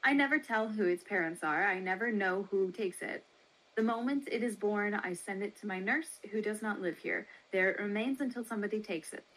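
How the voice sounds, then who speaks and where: A woman voicing a complacent, businesslike woman baby trader, reading quickly from a historical article. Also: medium pitch, a bit bright, close to an everyday voice, poor audio. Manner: brisk, matter-of-fact reading.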